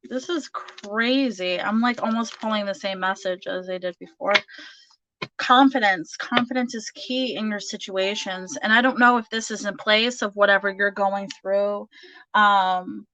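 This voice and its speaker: A woman's voice: mid-range voice, fairly bright tone, lo-fi sound, a little hiss or hum. A woman giving a casual tarot reading, chatty and full of fillers, laughing often. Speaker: tarot reader.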